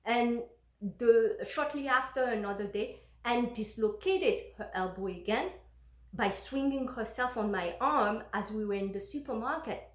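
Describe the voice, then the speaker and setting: A woman's voice: on the high side, a little slow, reverberant. A woman telling a personal story in a casual, emotional way, with many fillers and restarts.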